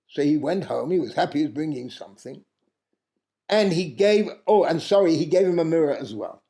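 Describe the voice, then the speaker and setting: A man telling a traditional tale aloud in an unhurried way, pausing often and stopping now and then to correct himself. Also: on the high side, animated, vocal fry, warm tone. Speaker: storyteller. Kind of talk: oral storytelling of a traditional tale.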